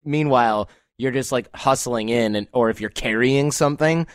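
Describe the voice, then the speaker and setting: A man's voice: medium pitch, normal speed, smooth, dry recording, clean studio sound. A man hosting a casual podcast conversation, chatty and storytelling, laughing easily. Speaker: host.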